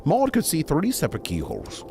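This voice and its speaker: Male bedtime storyteller, chatty with digressions, very animated delivery over music. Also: on the high side, a little fast, creaky.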